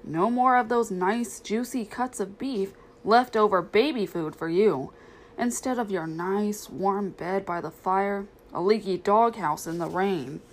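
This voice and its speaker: A woman's voice: medium pitch, measured pace, close to an everyday voice. A woman voicing a cocky streetwise male stray dog, swaggering and sardonic. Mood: cynical, swaggering.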